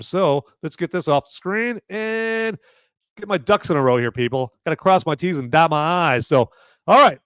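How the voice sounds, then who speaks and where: A man's voice: on the high side, moderate pace, smooth, dry recording. A man hosting a podcast, reviewing a beer in a rambling, casual way and often checking in with "okay?". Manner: rambling and animated, often tagging lines with "okay?". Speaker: podcast host.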